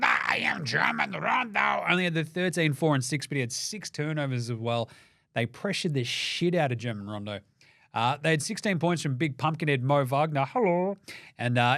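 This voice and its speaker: A man with an Australian accent hosting a basketball show, ranting sarcastically and swearing, dropping to mutters and then flaring into loud outbursts. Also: on the high side, no room sound, clean studio sound. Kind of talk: profane sports commentary rant.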